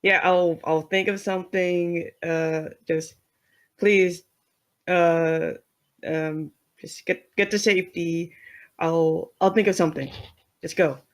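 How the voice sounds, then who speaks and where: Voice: mid-range voice, steady tone, slow. An earnest young vampire pleads and frets, tripping over his words, voiced by a tabletop player. The voice stays close to a plain everyday speaking voice. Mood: pleading. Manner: pleading, flustered. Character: earnest worried vampire named Thomas.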